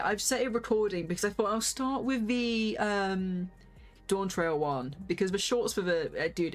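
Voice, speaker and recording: A young woman streaming a game, chatting casually and excitably, sometimes swearing. Her voice jumps high when she gets worked up, and soft music plays behind her. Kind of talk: casual gaming livestream chat.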